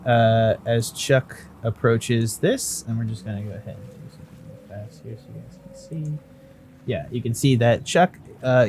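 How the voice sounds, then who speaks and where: A man running a tabletop game as dungeon master, narrating scenes casually and correcting himself as he goes. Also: mid-range voice. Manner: relaxed, jokey, self-correcting. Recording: faint background noise.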